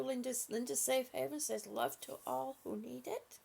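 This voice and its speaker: A woman hosting a live stream, speaking softly and affectionately to her viewers with halting, repeated words. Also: sits high, vocal fry, slightly rough. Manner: soft, affectionate, calls viewers honey and sweetie. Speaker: livestream host reading viewer comments. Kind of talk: slow casual live chat.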